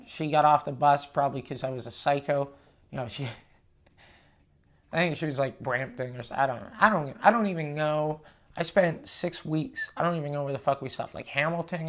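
A young Canadian man with a fairly high, slightly bright voice hosts a podcast. He tells a story casually, ranting, swearing, and poking fun at himself.

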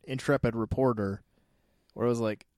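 A man's voice: mid-range voice, steady tone, normal speed, a little mellow, no echo, clean studio sound. A man co-hosting a podcast, chatting casually about a movie, laughing often and restarting his sentences. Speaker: podcast co-host. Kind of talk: casual movie review chat.

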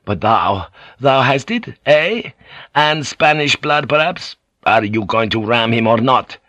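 A man's voice: mid-range voice, animated, slow pace, pushed and bright, no echo, full character voice. A man voicing a hot-blooded, proud male captain-general who speaks in a commanding, archaic way. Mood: taunting. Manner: commanding, hostile, archaic speech.

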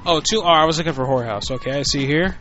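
Profane laid-back podcast host. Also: male voice, on the high side, very fast, background noise. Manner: loose, profane, laughing. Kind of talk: casual chat. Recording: dull lo-fi recording.

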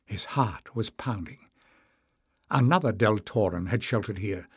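A man narrating an audiobook in a measured storytelling manner. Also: lowish voice, breathy edge, no echo, studio quality. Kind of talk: scripted narration.

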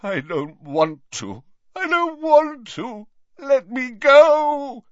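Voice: sits high, sing-song, extremely slow, dry recording, lo-fi sound, voice pushed up, heavily acted. A reader voicing an old male wizard in agony, wailing, sobbing and begging in an audiobook. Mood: moaning. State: crying out in torment. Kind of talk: audiobook character voice.

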